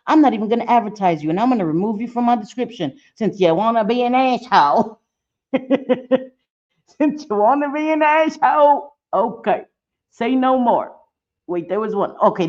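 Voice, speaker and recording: A woman's voice: on the high side, a little mellow, highs cut off. A middle-aged woman hosting a casual live stream, talking bluntly and cursing freely with frequent laughter. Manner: blunt and profane, laughing often. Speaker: livestream host.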